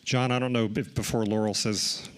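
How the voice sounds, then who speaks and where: Male symposium host, mid-pitch, upbeat, casual closing remarks. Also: fairly even intonation, moderate pace, smooth. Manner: upbeat, loose, with restarts and fillers. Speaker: event host.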